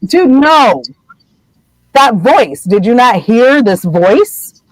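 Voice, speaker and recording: A woman's voice: sits high, animated, moderate pace, a little mellow, dry recording, pitched above the performer's own voice, low-quality recording. A woman voicing a young boy wizard in a retold story, pressing a point urgently. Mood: insistent.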